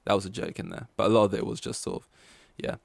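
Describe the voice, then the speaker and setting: A man's voice: fairly low pitch, fairly even intonation, fast talker, creaky, slightly rough, no room sound. A man hosting a solo podcast in casual chat. He rambles, swears freely and loses his train of thought. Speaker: podcast host.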